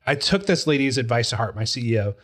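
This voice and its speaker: Man in his forties, middle pitch, casual podcast chat; emotional, animated storyteller who slips into quoted voices. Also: quick pace. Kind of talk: casual chat about a TV show.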